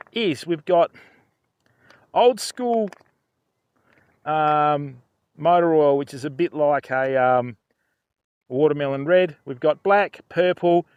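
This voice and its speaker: A man's voice: a little high, takes it slowly, long pauses, clean tone, no room sound. An older man hosting a fishing livestream, chatting casually and joking with viewers. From Australia. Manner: chatty, jokey, laughs often, addresses chat by name.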